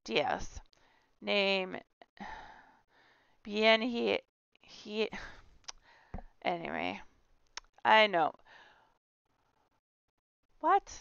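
A chatty woman giving a relaxed gameplay house tour, her voice gravelly with fry yet smooth and resonant. She giggles often and teases herself as she goes. The sound is dry and a little dull and lo-fi. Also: medium pitch, extremely slow, pauses often, no room sound. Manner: chatty, giggly, self-deprecating. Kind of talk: casual gameplay tour commentary.

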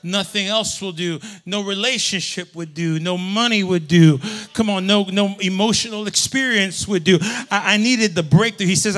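High, bright-voiced preaching man. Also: moderate pace. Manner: call-and-response preaching, swelling to shouts. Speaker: pastor. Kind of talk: sermon. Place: church sanctuary.

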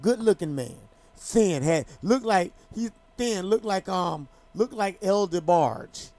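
High-voiced man telling heated stories. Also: expressive, slow pace, a little mellow. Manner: heated, emphatic storytelling with repeated restarts. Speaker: talk show host and former boxing champion. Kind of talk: casual talk show chat.

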